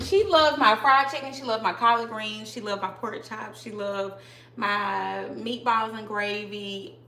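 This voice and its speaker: A woman with a bright, sharp voice pitched a little high talks her viewers through a live cooking stream in her home kitchen. She keeps calling out to the audience in a chatty, easygoing way, and pans and dishes clatter faintly behind her. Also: gravelly, a little hiss or hum, rough recording. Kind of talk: casual live cooking chat. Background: clatter of pots and dishes.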